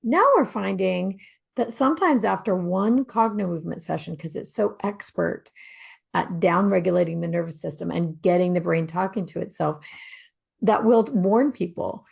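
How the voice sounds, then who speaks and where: A woman with a strongly gravelly, fry-laden voice and a husky edge, talking in casual conversation. She explains her points calmly as a co-host. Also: on the low side, moderate pace.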